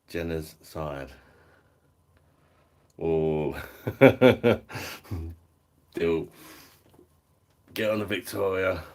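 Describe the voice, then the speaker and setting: A man's voice: sits low, a little mellow. A middle-aged man, chatting casually at home on a live stream, swearing, laughing often and reading out the chat. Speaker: beer reviewer hosting a live stream.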